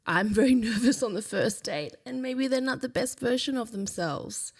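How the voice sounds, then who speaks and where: A woman's voice: fairly high pitch, expressive, moderate pace, slightly rough. A woman co-hosting a casual podcast, playful and giggly, a little unsure of herself. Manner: playful, giggly, a bit self-doubting. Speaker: podcast co-host.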